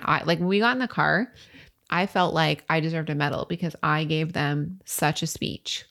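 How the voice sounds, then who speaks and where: A woman with a fairly low voice co-hosts a casual podcast chat. She tells stories with a lot of energy, laughs often and acts out what people said. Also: moderate pace. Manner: animated storytelling, laughs often, acts out quotes. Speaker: podcast co-host.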